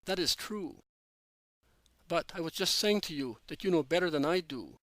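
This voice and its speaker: Calm, stern Jesus, read by a man, measured delivery, slightly high voice, dry recording. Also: dry recording. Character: Jesus, calm, stern adult male teacher.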